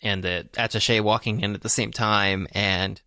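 Casting: male podcast co-host, bright and forward, dry close sound, loose rambling delivery full of uh and um. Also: fairly low pitch, fairly even intonation, moderate pace, dry recording. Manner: rambling, many fillers and restarts. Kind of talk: casual movie discussion.

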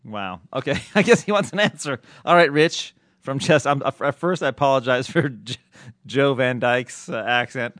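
A man's voice: medium pitch, lively intonation, moderate pace, fairly bright tone, dry recording. Teasing male podcast host, dry sound. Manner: teasing, laughs often, steers the show. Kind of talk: casual podcast banter.

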